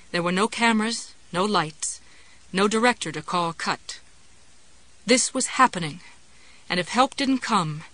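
A woman reading a suspense novel aloud as audiobook narration in a steady, measured way. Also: mid-range voice, no echo, poor audio. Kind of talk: scripted narration.

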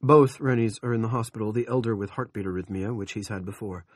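A man voicing an urgent small-town doctor who gives brisk, commanding orders. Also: lowish voice, steady tone, no echo, clean studio sound, lightly acted. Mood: grave.

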